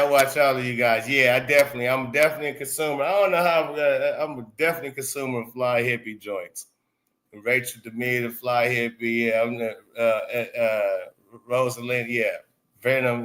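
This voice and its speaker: Bright-voiced laughing livestream host man. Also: medium pitch. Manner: loose, laughing, swearing, reads chat aloud. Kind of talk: casual livestream chat.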